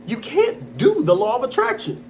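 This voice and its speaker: Intense, animated male motivational speaker. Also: moderate pace, a little hiss or hum. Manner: intense, emphatic, repeats points, mocking quotes in a flat low voice. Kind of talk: impassioned self-help monologue.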